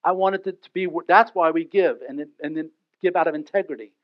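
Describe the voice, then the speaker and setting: A man with a fairly high voice preaches to his congregation and acts out little scenes with humor. The recording is dull and lo-fi, and the sound is dry and close. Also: brisk, no room sound. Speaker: pastor. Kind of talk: sermon. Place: church sanctuary.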